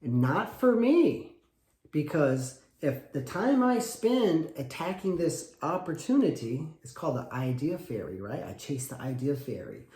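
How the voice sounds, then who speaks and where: A man's voice: fairly high pitch, sing-song, measured pace, mellow, echoey room. A man, a wrestling coach, giving emphatic advice and acting out short parent talks. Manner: acts out little parent dialogues, emphatic and repetitive. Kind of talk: animated coaching talk.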